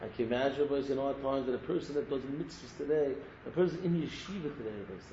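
Speaking fast in a warm, mid-range voice, a rabbi delivers a fervent Torah sermon, urging his audience on, weaving in Hebrew terms, and addressing them again and again in the same way. The sound is roomy and muffled, with slight background noise.

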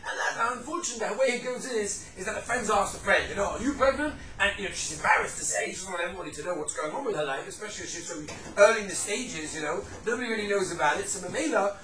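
A man teaching a casual halacha class, animated, acting out quoted speakers and mixing in Yiddish and Hebrew terms. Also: high voice, fast talker, few pauses, roomy sound, recorded from a distance, crowd noise, low-quality recording. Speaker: Torah teacher.

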